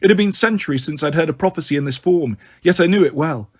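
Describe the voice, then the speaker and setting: Male storyteller, slightly raised pitch, expressive first-person audiobook reading. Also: fast talker. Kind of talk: audiobook narration.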